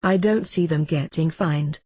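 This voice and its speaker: A man reads his own memoir as an audiobook, delivering it like a ranting radio host: brash, mocking and combative. His voice is fairly high and husky, his pace measured. The audio is dull and carries no echo.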